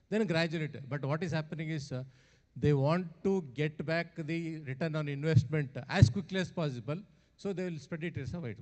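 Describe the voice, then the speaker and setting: A man's voice: on the high side, darkish tone. A man, speaking as a panelist at a medical education session, hesitant with many fillers and restarts. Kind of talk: discussion remarks.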